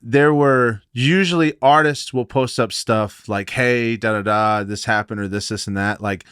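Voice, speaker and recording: A man hosting a podcast, relaxed and casual, asking questions and saying dude often. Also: medium pitch, unhurried, clear, resonant tone, dry recording, studio quality. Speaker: podcast host. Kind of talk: casual chat.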